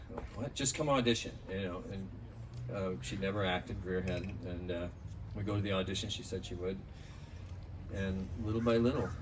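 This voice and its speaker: Male eulogist, slightly low voice, chatty and rambling, picked up from a distance outdoors. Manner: rambling, anecdotal, many fillers. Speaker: speaker at a memorial. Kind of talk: storytelling memorial tribute. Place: outdoors in a park. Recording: distant mic outdoors, faint background noise.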